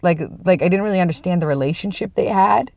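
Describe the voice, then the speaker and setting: Outdoors and about to go inside, a young man vlogs in a high, fast, creaky voice with a darkish tone. His delivery is casual, sincere, and meandering, with many restarted sentences, and no room sound comes through.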